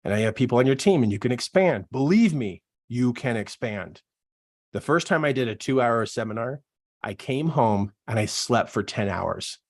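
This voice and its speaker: A man giving an emphatic, repetitive motivational talk as a business coach, animated and preaching. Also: mid-range voice, moderate pace. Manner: animated, acts out quoted voices.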